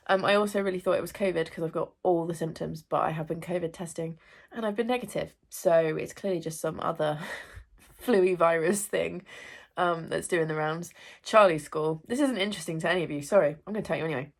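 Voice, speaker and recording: Vlogger, young woman, congested from illness; low gravelly voice, chatty and apologetic. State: congested, ill. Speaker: booktuber, English teacher. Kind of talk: casual reading wrap-up vlog. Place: at home.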